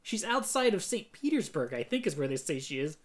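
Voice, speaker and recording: A speaker in casual chat, reviewing a movie with a co-host in a quick, questioning way. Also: medium pitch, sing-song.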